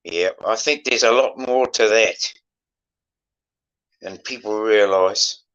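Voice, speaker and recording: A man in his sixties in casual conversation, emotional and halting, swearing often as he talks. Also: on the low side, fairly bright tone, clear, resonant tone, lo-fi sound. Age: 60s.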